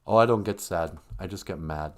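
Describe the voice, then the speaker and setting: A man's voice: low voice, normal speed. A man hosting a livestream, joking and teasing in an ironic, chuckling way. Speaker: host of a language livestream.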